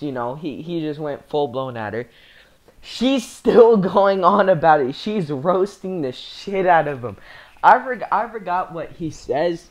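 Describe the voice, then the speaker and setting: A young speaker telling a casual storytime, rambling with slang and frequent laughter. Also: mid-range voice. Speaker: storyteller vlogger.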